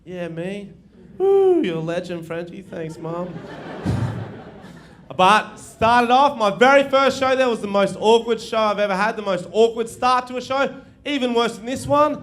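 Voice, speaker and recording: A young Australian man does stand-up on a theatre stage, his voice pitched high and excitable. He talks in a loose, animated way, swears freely and laughs along with his own stories. A faint hum of room noise sits behind him. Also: a little slow. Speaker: stand-up comedian. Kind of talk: stand-up comedy set. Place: theatre stage with live audience.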